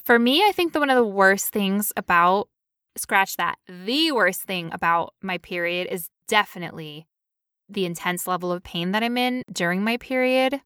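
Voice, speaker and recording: A woman's voice: mid-range voice, expressive, moderate pace, fairly bright tone, smooth, no echo, clean studio sound. A young woman co-hosting a podcast in casual chat, joking and telling playful stories. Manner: jokey, playful storyteller. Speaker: podcast co-host.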